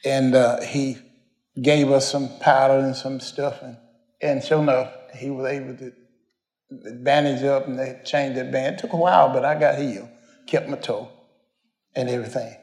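A man's voice: mid-range voice, fairly even intonation, moderate pace, a little mellow, roomy sound. An older man, preaching a folksy storytelling sermon, rambling and homespun as he addresses the congregation.

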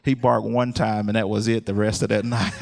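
A man preaching a sermon in a call-and-response style, laughing often and calling out hallelujahs as his voice climbs higher and louder. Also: steady tone, normal speed, gravelly.

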